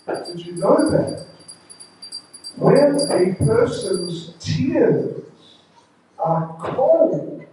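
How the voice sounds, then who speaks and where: Monk telling a story slow, high mellow voice, super echoey temple hall far from the mic. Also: male voice, slight background noise. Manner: slow, conversational storytelling with asides. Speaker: visiting monk preacher. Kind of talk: storytelling sermon.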